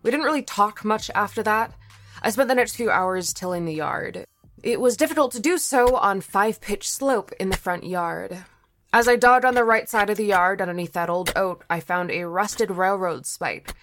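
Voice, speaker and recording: A woman's voice: mid-range voice, moderate pace, fairly bright tone, soft background music. A young woman from Florida narrating a first-person story in a wry, conversational way. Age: young adult.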